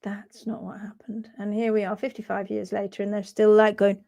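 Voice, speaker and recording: A woman with a Bristolian accent hosting a live session on hoof care, talking casually in a rambling, animated way, breaking off and restarting her sentences and swearing bluntly now and then. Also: mid-range voice, normal speed, creaky, few pauses. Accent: Bristolian English. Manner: blunt and salty, drops mild swearing. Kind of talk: casual live-stream chat.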